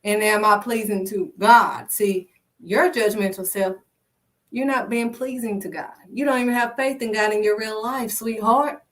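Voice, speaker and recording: A woman's voice: medium pitch, moderate pace, a bit bright, distant mic. A woman preaching informally in an emphatic, repetitive, conversational way. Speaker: faith video host.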